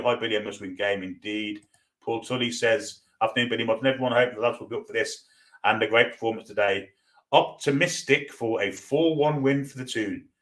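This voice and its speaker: A Geordie man from North East England hosts a live football fan watchalong, casually reading out viewer comments and bantering back. His voice is medium-pitched and a bit bright.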